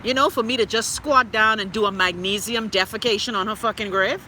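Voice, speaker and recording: A woman's voice: mid-range voice, a little fast, a little hiss or hum. Brash Bahamian woman ranting live. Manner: loud, profane, exclaiming ranting. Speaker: livestream host. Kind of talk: live-stream chat reading comments.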